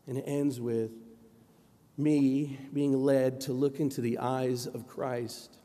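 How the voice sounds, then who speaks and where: Mellow-voiced pastor in a reverberant church. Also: male voice, mid-range voice, level tone, slow. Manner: conversational storytelling preacher. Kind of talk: sermon. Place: church sanctuary. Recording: long reverb of a church hall.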